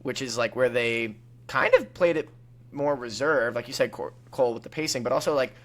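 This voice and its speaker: A man's voice: mid-range voice, sing-song, fairly quick. A man co-hosting a movie podcast, talking in loose, rambling sentences full of fillers. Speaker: podcast co-host. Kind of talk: casual movie podcast chat.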